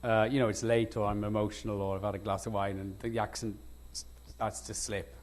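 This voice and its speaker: A Welsh actor in an on-stage conversation, telling lively anecdotes with frequent laughs and restarts. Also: male voice, fairly low pitch, fairly quick. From Wales. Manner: animated anecdotes, laughs often, self-interrupting restarts. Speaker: guest actor. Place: lecture stage before an audience.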